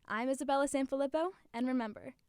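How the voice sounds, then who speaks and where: A teenage girl hosting a podcast in a chatty, confiding, upbeat way. Her voice sits a little high and sounds smooth and clear, recorded dry with no room sound. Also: fast talker, a little mellow, no echo. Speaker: podcast host. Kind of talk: scripted podcast monologue.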